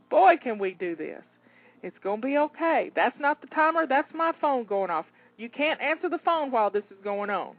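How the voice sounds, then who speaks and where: Slightly breathless, a woman with a fairly high voice coaxes and encourages listeners through cleaning, repeating words as she goes. She's a home organizing coach giving a motivational pep talk, recorded dry and tinny like a phone, with no room sound.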